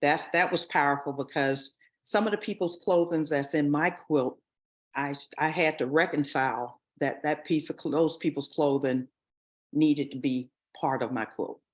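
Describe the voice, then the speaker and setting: A woman's voice: sits low, moderate pace. A woman author being interviewed over a video call, speaking in an earnest, reflective way and often restarting her sentences. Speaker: author and guest. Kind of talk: interview conversation.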